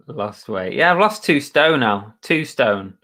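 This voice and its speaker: A man's voice: on the low side, lively intonation, slow pace, sharp tone. A man hosting a casual live stream chat, greeting viewers by name in a chatty, self-mocking way with mild muttered curses.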